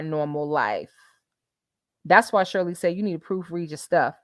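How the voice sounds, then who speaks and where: Animated woman hosting a live stream. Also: on the low side, normal speed, no room sound, clean studio sound. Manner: animated, laughs often, dramatic readings of messages. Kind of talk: casual live-stream commentary.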